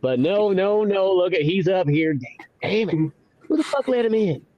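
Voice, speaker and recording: A man doing a grumpy swearing Jesus, higher voice, exasperated grumble, dull dry sound. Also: expressive, normal speed, no echo. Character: grumpy partying male Jesus, irritated.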